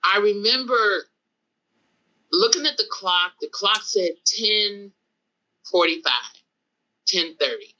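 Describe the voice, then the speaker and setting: A woman tells a dramatic story in casual talk and acts out the voices in it. Her bright voice swings widely in pitch as she relives each moment. The podcast recording sounds dull and lo-fi. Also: takes it slowly, pauses often. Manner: animated, vivid retelling with acted-out dialogue. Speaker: podcast guest.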